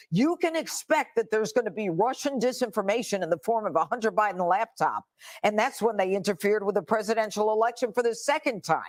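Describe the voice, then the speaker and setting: Older woman, former judge, indignant, emphatic, mid-pitched voice. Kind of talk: political commentary.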